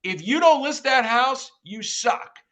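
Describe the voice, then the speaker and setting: A middle-aged man, a real estate guest expert, coaching in an energetic conversational way and acting out phone calls as he tells stories. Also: very high-pitched, takes it slowly.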